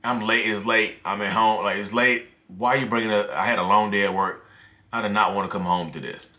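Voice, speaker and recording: A man's voice: fairly low pitch, steady tone, fairly quick, pushed and bright. A man doing a cornered, deflecting cheater. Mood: weary. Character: cornered cheating man, blame-shifting and defensive.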